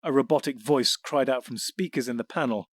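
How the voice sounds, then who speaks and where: A man reading audiobook narration in a measured, descriptive way. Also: mid-range voice. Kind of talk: scripted narration.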